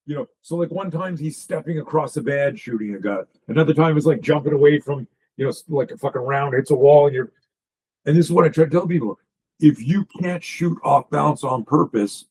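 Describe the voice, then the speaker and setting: A man's voice: on the high side, a little fast, darkish tone, breathy edge, poor audio. A man, a self-defense coach, talking as a guest in a casual podcast conversation, emphatic and profane, piling up stories and restarting sentences.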